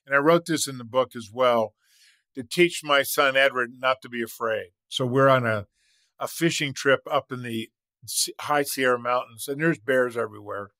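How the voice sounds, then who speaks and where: An older man speaks with a bright, forward voice, preaching in an earnest tone and telling lively stories. The sound is close and dry, with no room around it. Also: mid-range voice, moderate pace, dry recording. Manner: animated storyteller, shouts and laughs in acted scenes. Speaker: podcast guest, author. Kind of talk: storytelling conversation.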